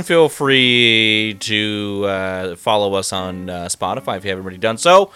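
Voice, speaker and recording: A man hosting a podcast, signing off casually with many "uh" pauses. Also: on the low side, lively intonation, sharp tone, clear, resonant tone, no echo. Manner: halting, many "uh" fillers. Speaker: podcast host.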